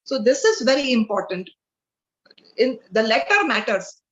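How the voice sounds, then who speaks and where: A woman's voice: on the high side, very animated, moderate pace, a bit bright. A woman with an Indian accent telling devotional stories in an earnest way, mixing in Hindi, speaking over a video call. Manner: earnest, mixes in Hindi, frequent fillers. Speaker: spiritual class speaker. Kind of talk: devotional storytelling talk. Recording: dull lo-fi video call audio.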